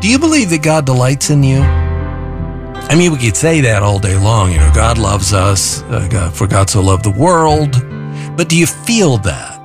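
A man's voice: mid-range voice, lively intonation, a little slow. A man hosting a devotional radio talk, reflective and asking questions of his listeners. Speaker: radio show host. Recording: music bed under voice.

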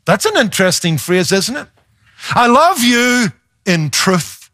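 A man's voice: high voice, very animated, a little slow, bright, forceful tone, no room sound, clean studio sound. A man, a pastor, preaching a sermon with emphasis, shifting pace and playful asides.

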